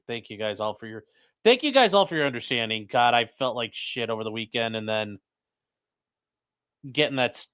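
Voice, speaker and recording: Young guy on a late night stream, bouncy pitch, joking around crude and loose. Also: a bit bright. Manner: loose, joking and crude, reads chat aloud. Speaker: livestream host reacting to a trial. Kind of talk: casual late-night livestream chat. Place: home.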